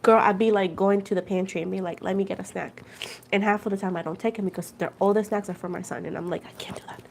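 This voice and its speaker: A woman's voice: mid-range voice, fast talker, vocal fry, a little hiss or hum. Chatty woman livestreaming to viewers. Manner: chatty, animated storytelling, repeats points a second time for viewers; addresses viewers as "guys" and "girl". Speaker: tarot reader livestreaming. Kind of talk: casual livestream chat.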